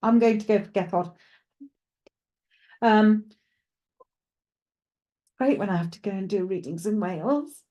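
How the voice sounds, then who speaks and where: A woman runs a live psychic reading, talking straight to her unseen viewers as she goes. Her voice is mellow and unhurried at its core. She pauses, restarts and thinks out loud as she works things out. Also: mid-range voice, muffled recording. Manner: chatty, thinks aloud, addresses viewers directly; hesitant, with frequent restarts while working things out. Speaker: psychic medium. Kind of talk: live streamed mediumship reading.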